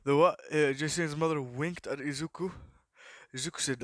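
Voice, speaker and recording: A young man spins an improvised story in a loose, rambling way, stopping again and again to prompt himself before he goes on. His voice sits a little high, and it is recorded dry and close to the mic with no room sound. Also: fairly quick, fairly bright tone, no echo. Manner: rambling, many fillers and repeated "the what?" prompts. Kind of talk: casual improvised story narration.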